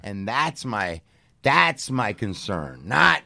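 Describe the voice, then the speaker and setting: A man's voice: fairly low pitch, sing-song, slow, creaky, sharp tone, no echo, studio quality. A man co-hosting a podcast who mostly listens, then speaks up earnestly. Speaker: podcast co-host. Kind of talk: casual chat.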